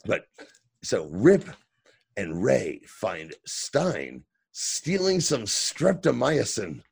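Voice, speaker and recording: Gravelly-voiced male podcast co-host. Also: medium pitch, very slow. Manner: profane, animated recapping. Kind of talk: casual chat.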